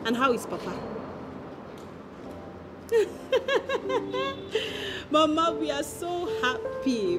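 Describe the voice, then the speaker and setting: An actress playing a cheerful young wife and mother chatting on the phone, with a bubbly, drawn-out way of talking. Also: fairly high pitch. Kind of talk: film drama acting.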